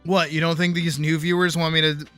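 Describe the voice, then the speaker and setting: A man's voice: on the high side, flat delivery, brisk, fairly bright tone, soft background music. A man streaming a game, chatting casually at a desk mic in a giggly, rambling, self-teasing way.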